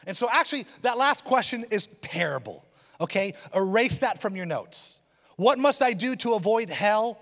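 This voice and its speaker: A man preaching a sermon as a pastor, telling a personal story in an animated, humorous way. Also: sits high, normal speed. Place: church auditorium. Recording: long reverb of a church hall.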